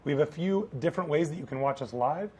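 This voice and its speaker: A man's voice: a little high, fast talker, mellow, breathy edge. A man who teaches science, co-hosting a live call-in homework show with a playful, jokey manner.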